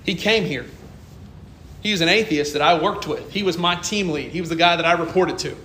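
A man's voice: a little high, a little fast, pushed and bright, reverberant, slight background noise. A man preaching a sermon as pastor, telling stories from his working life, acting out dialogue and laughing often.

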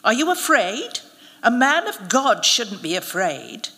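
A woman's voice: on the high side, expressive, moderate pace, a bit bright, pitched above the performer's own voice. A woman voicing a scornful young girl who taunts in a dry, merciless way. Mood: taunting. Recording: reverberant hall at a live reading.

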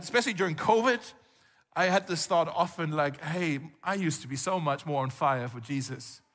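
A man preaching a conversational sermon as a pastor, animated, with frequent rhetorical questions to the congregation. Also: high-pitched, in a large hall. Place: church hall.

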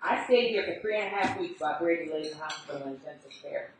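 A woman's voice: low-pitched, fast talker, slight background noise. Woman preaching a testimony, acts out the people she quotes, big echo, mic far away. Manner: animated storytelling, acting out the people she quotes. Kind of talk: testimony sermon. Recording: very echoey hall, speaker far from the mic.

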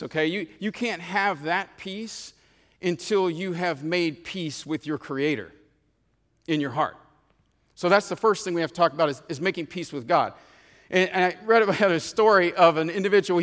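A man's voice: high voice, fairly bright tone, big-room sound. A man preaching a sermon as pastor, telling a story and stretching out key phrases for emphasis, often repeating himself. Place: church sanctuary.

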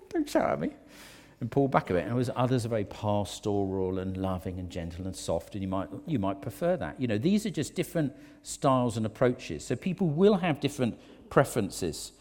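A man preaching a conversational sermon in a church, hesitant, with many ums, you-knows and restarts. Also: medium pitch. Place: church auditorium. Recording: long reverb of a church hall.

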